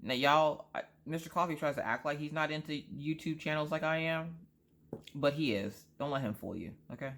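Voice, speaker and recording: A woman vlogger chatting casually, rambling through an animated story with frequent asides. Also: sits low, normal speed. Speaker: crafting vlogger. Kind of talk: casual chat.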